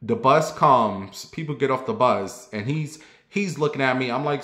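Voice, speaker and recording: A man hosting, telling a comedic story in an animated way, with quick bursts and drawn-out asides. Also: mid-range voice, roomy sound. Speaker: host.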